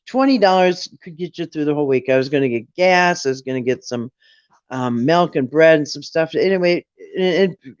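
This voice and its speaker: Middle-aged guy rambling through a story, kinda high voice, dull dry lo-fi sound. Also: no room sound. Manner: rambling, restarts often, quotes his own thoughts. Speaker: storyteller on a late-night chat. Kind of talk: casual storytelling.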